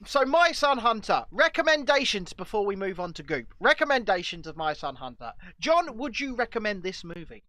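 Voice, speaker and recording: A man hosting a casual podcast chat, animated and prone to stumbling restarts. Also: sits high, normal speed, few pauses, dry recording, clean studio sound. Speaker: host.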